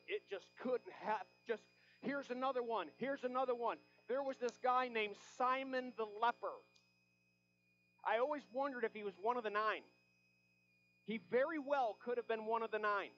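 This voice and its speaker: A man's voice: high-pitched, dull audio. A man preaching a sermon as pastor, impassioned, acting out Bible scenes in quoted voices.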